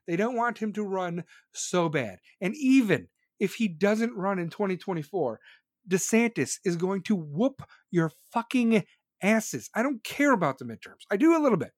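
A high-voiced man rants about politics for his live-stream viewers, constantly swearing and sneering sarcastically. He's close to the mic, and there's no echo.

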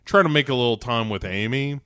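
A man's voice: medium pitch, brisk, clear, resonant tone, no echo. A man co-hosting a podcast, casually recapping a TV episode and acting out the characters' lines with lots of swearing. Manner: animated, acts out characters' lines in bursts, swears freely. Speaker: podcast co-host recapping a TV show. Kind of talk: casual chat.

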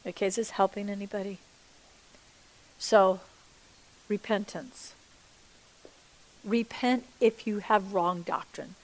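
A middle-aged woman giving a sermon-style personal testimony, acting out the dialogue with lively energy, and dropping to a soft, hushed voice when she quotes her prayers. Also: medium pitch, slow, pauses often, low-quality recording. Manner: animated storytelling that acts out the dialogue; chatty, checks in with the listeners. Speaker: Christian speaker.

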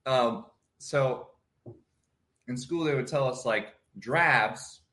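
A man's voice: mid-range voice, slow, sharp tone. Male co-host, casual morning radio, loose and rambling storyteller. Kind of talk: casual morning show banter.

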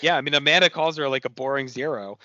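A man's voice: mid-range voice, quick pace, bright, forceful tone, no echo. A male podcast host casually recapping a TV episode, loose and swearing now and then. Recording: dry, muffled podcast audio.

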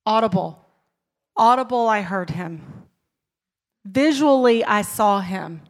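A woman's voice: mid-range voice, lively intonation, slow pace. A middle-aged woman pastor preaching a sermon, emphatic, repeating key phrases and dropping to a near-whisper in personal moments. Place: church service.

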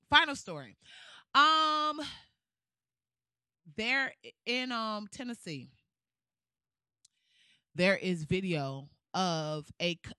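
A woman delivering a profane, fired-up rant with a bright, forceful tone and a high, lively voice. Her pitch swoops around a lot as she riffs. The sound is dry and close to the mic. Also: no room sound. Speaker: commentator. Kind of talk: casual ranting commentary.

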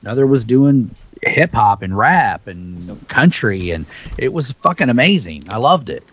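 A man's voice: medium pitch, measured pace, slightly rough, muffled recording. A man from Southern Illinois with a slight Southern twang, chatting animatedly on a podcast, swearing and acting out what people said to him. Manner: animated, swears, acts out quotes. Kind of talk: casual podcast chat.

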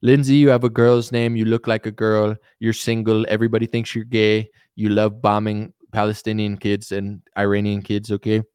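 A man's voice: fairly low pitch, level tone, moderate pace, hardly any pauses, smooth, no echo, studio quality, voice pushed down, lightly acted. A man impersonating a boastful older politician. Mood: rambling. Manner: repetitive, loud, bragging sing-song delivery.

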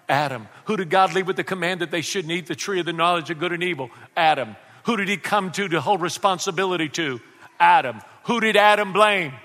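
A man's voice: high voice, bright, forceful tone, long reverb tail. A man preaching a sermon as pastor, speaking with emphasis and calling questions out to the congregation.

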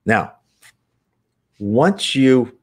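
A man's voice: medium pitch, very animated, drawn-out words, breathy edge. A man hosting an unscripted spiritual talk, earnest and rambling, with frequent restarts and asides.

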